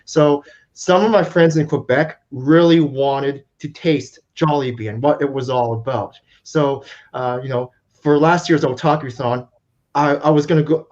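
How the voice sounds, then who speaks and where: A man's voice: medium pitch, a little mellow, lo-fi sound. A man telling a travel anecdote in a casual chat, hesitant with many fillers. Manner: hesitant, lots of uhs and ums. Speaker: panelist. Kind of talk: casual storytelling.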